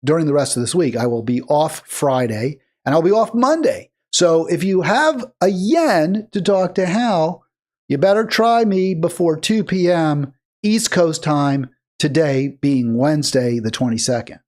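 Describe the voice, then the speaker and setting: A man's voice: on the high side, lively intonation, measured pace, darkish tone. A man hosting a call-in political talk show, speaking in a rambling way with fillers and restarts. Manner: rambling, fillers and restarts, mimics other voices in quotes. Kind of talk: political talk radio monologue.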